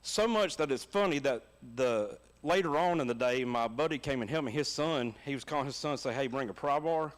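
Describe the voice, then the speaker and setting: A middle-aged man with a Southern American accent, preaching a sermon and telling funny personal stories in a folksy, animated way. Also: mid-range voice, a little fast, few pauses. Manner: folksy and animated, laughing at his own stories. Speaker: pastor. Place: church.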